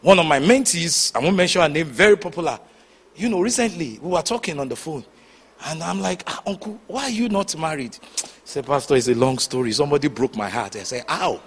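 Animated man preaching. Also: on the high side, brisk, slightly rough. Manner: animated storytelling with sudden shouts and hushed asides. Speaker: pastor. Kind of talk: sermon.

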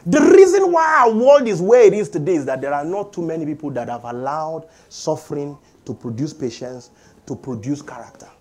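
A middle-aged man preaching a sermon as pastor, animated and calling for amens from the congregation. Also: a little high, brisk. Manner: animated preaching with call-and-response.

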